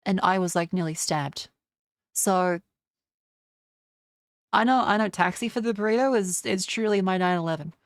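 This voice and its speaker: A woman's voice: medium pitch, dry recording, studio quality. A young woman streamer in casual livestream chat, ranting with a lot of swearing and mocking others in put-on voices. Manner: profane, ranting.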